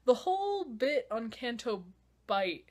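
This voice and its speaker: A young woman with a slightly high voice talks through her reaction to a film, swearing freely. She lurches from loud, incredulous outbursts to low, dry mutters, and sounds a little winded. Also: big pitch swings, slow pace. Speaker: vlogger. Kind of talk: casual movie reaction rant.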